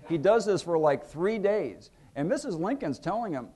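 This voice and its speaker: A man's voice: fairly high pitch, normal speed. A middle-aged man, an author giving a book talk, telling humorous anecdotes with many fillers and acted-out quotes. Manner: lively storyteller, acts out quotes, many fillers.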